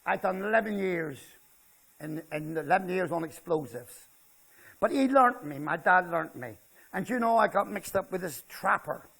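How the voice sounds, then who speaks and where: High-set and lively in intonation, his voice has vocal fry and sounds pushed and bright at a normal pace. He's an older author with a West Country Devon accent, chattily telling jokey country stories to a seated festival audience while checking in with them.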